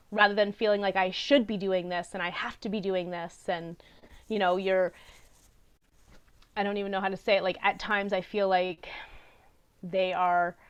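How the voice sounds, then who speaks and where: A woman speaks in an unhurried, reflective conversational style. She is earnest and thoughtful and sometimes stops mid-thought to search for a word. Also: medium pitch, clean tone, muffled recording. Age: adult parent. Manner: earnest, gently searching for words, with soft laughs. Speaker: podcast co-host.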